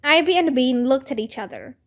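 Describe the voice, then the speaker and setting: A woman reading a children's book aloud with slow, careful, expressive storytelling. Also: high-pitched.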